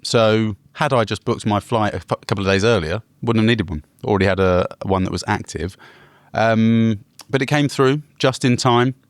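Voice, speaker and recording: A man's voice: on the low side, normal speed, dry recording. A man co-hosting a podcast, chatting casually and teasing his co-host in a playful way over a remote call. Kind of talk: casual chat.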